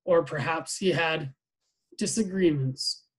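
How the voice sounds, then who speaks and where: A man's voice: fairly high pitch, slow, breathy edge. A man reading as a stern, probing commandant. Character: stern senior male commandant, probing and menacing.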